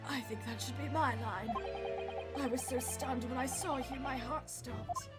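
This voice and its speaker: A woman's voice: measured pace, loud music behind the voice. Woman putting on a weak, sickly male inspector. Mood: gloomy. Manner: weak, low and mumbling. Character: sickly male undercover police inspector, sullen and gloomy.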